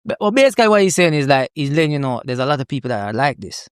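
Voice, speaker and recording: A young man with a Jamaican accent talks as a podcast guest in a slightly high voice. He chats loosely, laughs often and circles back over his words. The sound is close and dry, with no room around it. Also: racing, clear, resonant tone, no room sound. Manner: lively, laughs often, repeats words while thinking. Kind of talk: casual interview chat.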